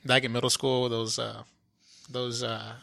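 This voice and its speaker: A man's voice: medium pitch, level tone, unhurried, vocal fry, crowd noise. A man interviewing his older brother in a casual chat, curious and prompting, with frequent hesitant fillers.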